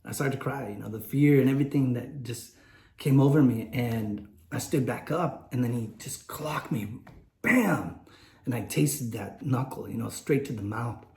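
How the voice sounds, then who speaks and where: A man's voice: medium pitch, moderate pace, vocal fry, mellow, roomy sound. A man in his late forties telling a personal story on his vlog, rambling and candid, with many fillers and restarts. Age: late 40s. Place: indoors, warm room.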